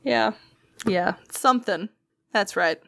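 A woman's voice: medium pitch, slow pace, vocal fry, a bit bright. A young woman in casual chat, telling a story with lots of swearing and acted-out quotes.

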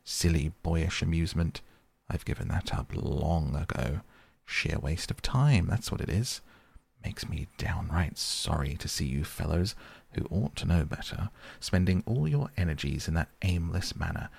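A grand, excitable toad who boasts and coaxes, as a man reads him in a soft bedtime storybook telling. The voice sits low and gravelly, close and dry. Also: unhurried, no echo, full character voice. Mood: boastful. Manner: pompous, enthusiastic, coaxing. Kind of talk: soft bedtime audiobook reading.

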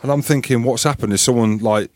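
A man in his thirties, a former rugby player co-hosting a podcast, telling stories in a casual, animated, swearing style and acting out voices. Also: mid-range voice, fast talker, no echo, studio quality. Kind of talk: casual storytelling chat.

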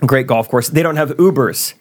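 A man co-hosting a podcast, telling tour stories in a relaxed, chatty way and laughing easily. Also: medium pitch, normal speed. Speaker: comedian and podcast co-host. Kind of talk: casual podcast chat.

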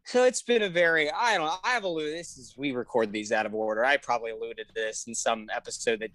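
A woman co-hosting a podcast in casual chat, gushing and excitable, often laughing and swearing. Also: very deep voice, fast talker, dry recording. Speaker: podcast co-host.

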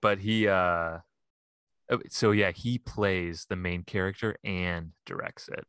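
Low-voiced man in casual podcast chat. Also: fairly even intonation, takes it slowly, a bit bright, smooth, no room sound. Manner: laughing often, rambling with fillers. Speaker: podcast co-host.

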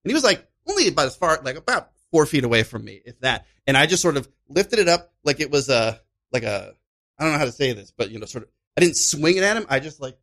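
Male storyteller, animated, acts out the voices in his anecdotes; pitch on the higher side. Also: fast. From Chicago. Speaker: podcast guest, improviser. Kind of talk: casual storytelling chat.

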